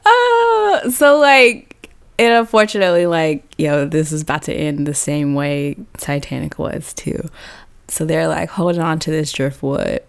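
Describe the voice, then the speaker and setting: A woman's voice: deep voice, a little slow, creaky, clear, resonant tone. A woman host telling a comic story in a casual, slangy way, laughing often. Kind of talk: comedic storytelling.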